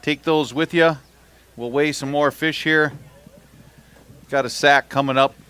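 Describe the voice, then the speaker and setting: A man's voice: fairly high pitch, fairly even intonation, a little slow, a bit bright, clear, resonant tone. A man emceeing a fishing tournament weigh-in, reading out weights and teasing the anglers in a joking, upbeat way. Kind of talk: live announcing and bantering with anglers.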